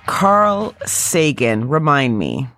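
A woman's voice: low-pitched, sing-song, slow, fairly bright tone, no echo, faint music behind. A woman co-hosting a podcast in casual chat, laughing and self-deprecating. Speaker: podcast co-host.

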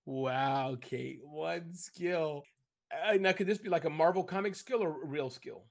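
A man guest on a video-call interview, talking about business in a rambling, animated way and often addressing the host by name. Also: fairly high pitch, measured pace, vocal fry. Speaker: podcast guest, entrepreneur. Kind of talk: casual interview chat.

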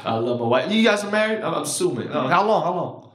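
A man in his thirties doing a stand-up comedy set on a club stage, telling animated stories and talking loudly with the crowd. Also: fairly high pitch, quick pace. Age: 30s. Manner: loud, animated storytelling with crowd work. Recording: roomy live club sound. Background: audience laughter.

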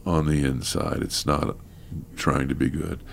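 Very deep, slow, gravelly-voiced man. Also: level tone, a little hiss or hum. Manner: slow, earnest, halting with many fillers. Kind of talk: casual conversation.

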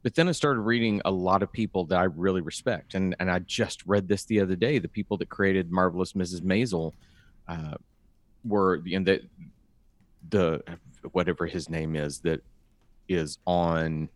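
A man co-hosting a podcast in casual chat, giving quick, opinionated verdicts. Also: deep voice, dry recording. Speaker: podcast co-host.

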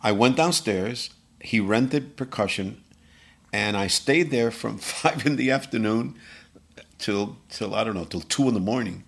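Gravelly man telling stories. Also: fairly low pitch, unhurried. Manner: animated storyteller acting out quoted voices. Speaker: guest musician. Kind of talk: storytelling interview.

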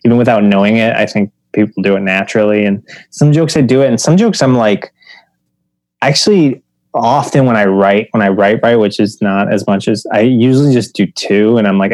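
A man with a fairly low voice talks about his own comedy in a loose, hesitant way. He pokes fun at himself as he goes. The recording is dry and close. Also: brisk, no echo. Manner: relaxed, hesitant, self-deprecating. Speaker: stand-up comedian. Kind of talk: casual chat about comedy craft.

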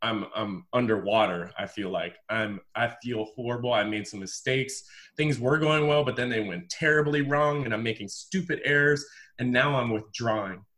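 A man from the United States, a former pro volleyball player, telling his story as a podcast guest in an emphatic, animated, casual way. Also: medium pitch, normal speed. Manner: emphatic and animated, repeats words, says "bro".

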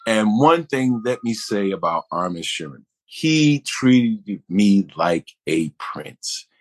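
Male guest actor, middle-aged, from Buffalo; lively anecdotal storyteller who slips into impressions. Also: on the low side, slow pace. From Buffalo, New York. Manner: animated, acts out others' voices in anecdotes. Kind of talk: conversational storytelling.

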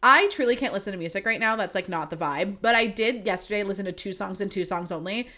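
Young woman, solo podcast host, emotional and close to tears; rambling, gushy, sweary chat with medium pitch. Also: fast talker, bright, forceful tone. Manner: gushing, sweary, rambling with many fillers.

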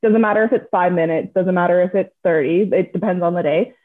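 A woman's voice: fairly low pitch, quick pace. A woman guest in a casual interview, a coaching client who talks in an earnest, upbeat way and laughs easily. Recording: tinny call line.

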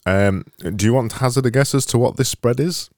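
A man's voice: medium pitch, a little fast, darkish tone, no room sound, studio quality. A man co-hosting a casual podcast chat, teasing his friend playfully. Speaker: podcast co-host.

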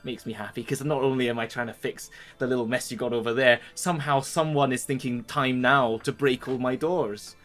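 A man's voice: mid-range voice, steady tone, a little fast, few pauses, a bit bright, soft background music, natural voice. A man voicing an imperious, irritated female ruler in a tabletop game, talking in a sarcastic, scolding way.

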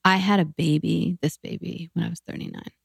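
A woman's voice: fairly low pitch, steady tone, a little fast, vocal fry, slightly rough, no room sound, studio quality. A woman in her late thirties telling candid stories as a podcast guest, frank and swearing freely. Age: late 30s. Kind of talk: candid storytelling conversation. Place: podcast studio.

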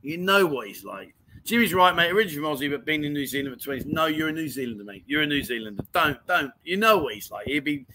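A man hosts a casual livestream chat from his home in Pattaya, matey and talkative, reading viewer comments and calling people mate. His fairly high, sharp voice swings widely in pitch at a quick pace. The low-quality recording has a little hiss or hum.

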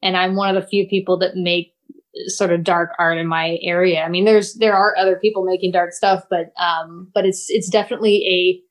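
A woman's voice: lowish voice, fairly even intonation, fairly quick. A woman artist and teacher, a guest in an interview, talking thoughtfully with frequent laughs. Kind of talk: casual interview chat.

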